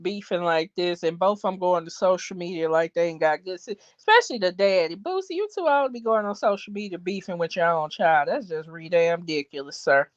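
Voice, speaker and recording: A woman co-hosting a gossip podcast, blunt and quick with scolding asides. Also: fairly low pitch, dry recording, muffled recording. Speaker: podcast co-host. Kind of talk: casual gossip chat.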